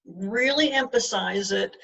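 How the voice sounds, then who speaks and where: A woman's voice: medium pitch, measured pace, vocal fry, bright, forceful tone, low-quality recording. A woman hosting the session, recapping points and asking follow-up questions. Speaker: host and moderator. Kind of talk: interview-style questioning.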